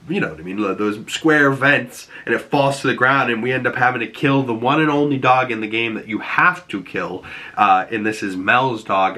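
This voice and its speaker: A man with a Boston accent rambles through an episode recap, getting excited as he retells scenes. His voice is bright and forceful. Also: lowish voice. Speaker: TV show reviewer. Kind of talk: casual recap vlog.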